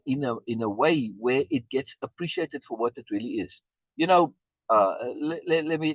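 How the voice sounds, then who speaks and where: A man's voice: mid-range voice, fairly bright tone, no room sound, muffled recording. A man musing reflectively in a casual video meeting, stammering and repeating words as he talks. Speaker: meeting participant being honored.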